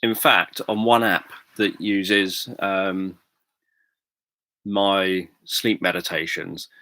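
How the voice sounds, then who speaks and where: A British man chatting calmly on a livestream, explaining things in a measured, thoughtful way with frequent pauses and ums. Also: low-pitched, no room sound. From Britain. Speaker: livestream host, sleep story narrator. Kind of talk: casual livestream chat.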